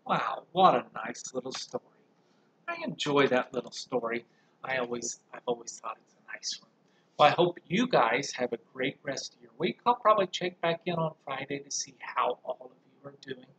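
A man, a music teacher, reading a picture book aloud to young pupils and explaining it in a gentle, warm way. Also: mid-range voice, lively intonation, normal speed, slight background noise, poor audio.

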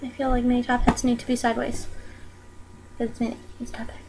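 A young woman with a high, bright-sounding voice chats casually to her camera at home, bubbly and giggly, breaking into sudden squeals. A faint hiss of background noise sits under her voice. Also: completely flat delivery, brisk. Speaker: vlogger. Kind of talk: casual chat.

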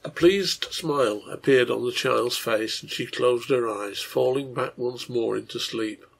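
A man narrating his own translation of a nineteenth-century serial novel in a measured, earnest storytelling manner. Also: medium pitch, creaky, breathy edge.

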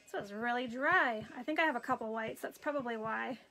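A chatty woman with a high, bright, clear voice hosts a craft live stream, talking casually as she works and greeting viewers by name. She speaks fairly quickly and tells stories in an animated, friendly way, with soft background music and a low-quality recording.

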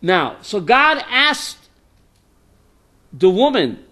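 A male rabbi lecturing a Torah class in a high, bright voice that swings widely in pitch. He keeps firing rhetorical questions at his students and calls on them by name. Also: big pitch swings, a little slow. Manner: quizzes students by name, mixes in Hebrew terms.

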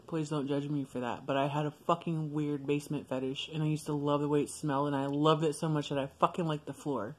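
A woman's voice: low voice, little pitch movement, quick pace. Profane, laughing young woman vlogger. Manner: blunt, profane, laughs often. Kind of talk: casual storytime monologue.

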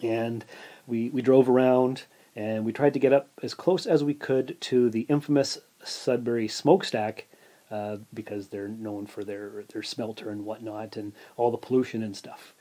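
A man's voice: mid-range voice, fairly even intonation, moderate pace, warm tone. A man hosting his own podcast, casually telling a rambling story full of asides and filler words. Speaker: podcast host.

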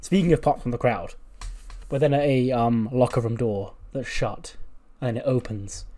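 Mellow-voiced man narrating a game story. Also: medium pitch, moderate pace. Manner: casual, storytelling with "and then". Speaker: let's-play narrator. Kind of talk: narrating a wrestling sim storyline.

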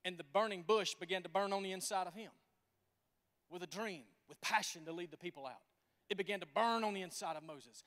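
Preaching briskly, this man in his forties brings a lively, folksy storyteller's touch to his sermon. The pitch of his voice runs very high for a man, and the sanctuary gives it a long, echoing reverb.

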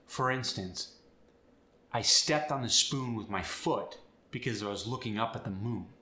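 A man teaching accents and explaining sounds step by step in an upbeat, clear way. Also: on the low side, a little slow, sharp tone, roomy sound. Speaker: accent coach. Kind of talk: instructional video.

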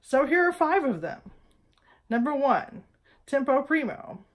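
Playful woman teaching. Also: fairly high pitch. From United States. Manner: playful and emphatic, checks in with "all right?". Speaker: host of a weekly music tips show. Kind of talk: casual direct-to-camera teaching.

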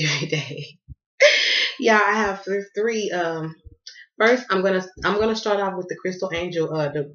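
A woman's voice: deep voice, dull audio. A woman from the Southern US reading tarot in a casual vlog, playful and slangy, cussing freely and half losing her voice. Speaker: tarot card reader.

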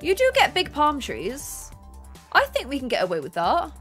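A young woman streaming a building game, chatting casually and excitedly thanking her viewers. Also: high voice, normal speed. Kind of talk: casual gameplay livestream chat. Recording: faint music behind.

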